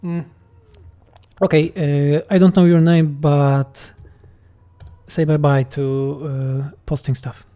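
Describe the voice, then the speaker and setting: A man's voice: a little high, flat delivery, takes it slowly, dark tone. A man from Poland with a Polish accent, a game mod developer reading chat questions aloud and answering them bluntly and jokingly on a livestream.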